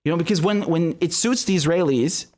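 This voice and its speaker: A man's voice: fairly high pitch, brisk, darkish tone. A man giving an unscripted political commentary monologue as the show's host, heated and indignant, swearing often and restarting his sentences.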